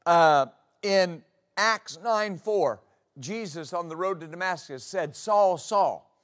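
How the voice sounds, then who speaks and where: A male pastor preaching a sermon, slow and emphatic, repeating key phrases and building to loud exclamations. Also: high-pitched. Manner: rises to loud exclamations at climaxes.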